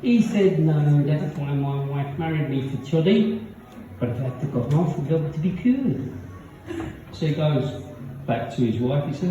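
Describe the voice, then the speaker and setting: Male stand-up, punchy joke delivery, warm low tone, distant dull mic in a big echoey room. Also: moderate pace, slight background noise. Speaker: stand-up comedian. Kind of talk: live stand-up set. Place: comedy pub venue with live audience. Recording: roomy, distant, dull live recording.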